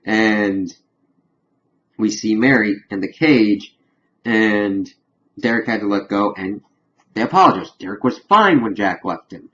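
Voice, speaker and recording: Low-voiced man recapping an episode. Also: lively intonation, measured pace, long pauses, a bit bright, muffled recording. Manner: rambling retelling full of "of course" and "kind of". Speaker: TV episode reviewer.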